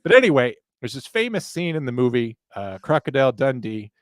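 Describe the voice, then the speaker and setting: A man co-hosting a live podcast at a mid pitch, rambling from one joke to the next with the odd profane aside. The sound is close and dry, with no room around him. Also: big pitch swings, a little fast, dry recording. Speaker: podcast co-host.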